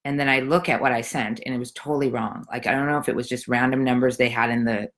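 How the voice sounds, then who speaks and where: A woman with a very deep, low voice hosts an online challenge from her home. She is middle-aged and talks casually and encouragingly, rambling with lots of fillers. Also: steady tone, quick pace. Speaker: challenge host. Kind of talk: casual live video talk.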